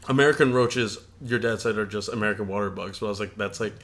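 A man's voice: lowish voice, quick pace, fairly bright tone, a little hiss or hum. Jokey man in casual chat. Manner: joking, swears, acts out voices.

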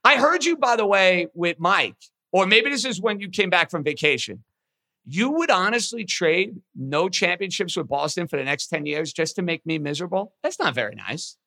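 A man's voice: high voice, lively intonation, moderate pace, vocal fry, pushed and bright. A man guest talking sports in casual banter, needling his host in a teasing way.

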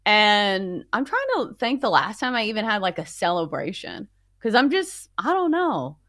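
A woman's voice: mid-range voice, sing-song, normal speed, a bit bright, dry recording, studio quality. A young woman co-hosting a sports podcast, chatting in a wry, easygoing way and filling her talk with "like". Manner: chatty, heavy use of "like", wry. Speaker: sports betting podcast co-host. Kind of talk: casual chat.

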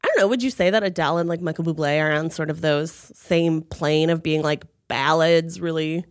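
A woman's voice: deep voice, fairly quick, no room sound. Gushing woman co-host, dry close sound. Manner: gushing, upbeat reactions. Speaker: podcast co-host. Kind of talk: casual chat.

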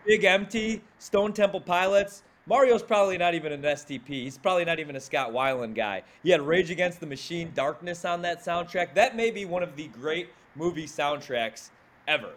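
A man's voice: a little high, expressive, a little fast, fairly bright tone. A man from South Carolina co-hosting a sports talk show, emphatic and ribbing in casual chat. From South Carolina, USA.

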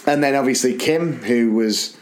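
A man co-hosting a podcast, telling school stories in an animated, laughing way. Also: mid-range voice, slight background noise. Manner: animated, laughing, quick bursts. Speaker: podcast co-host, school teacher. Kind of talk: casual storytelling chat.

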